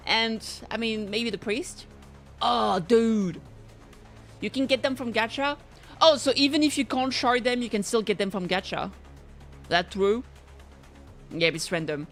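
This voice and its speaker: A woman streaming a game, chatting in an excitable, rambling way, swearing and reading game lines aloud. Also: on the high side, moderate pace, soft background music. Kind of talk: casual gameplay chat.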